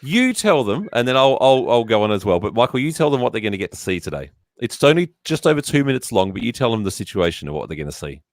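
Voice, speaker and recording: A man's voice: medium pitch, big pitch swings, fast talker, hardly any pauses, no room sound, clean studio sound. An Australian man hosting a casual live-stream chat, talkative and often laughing. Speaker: host.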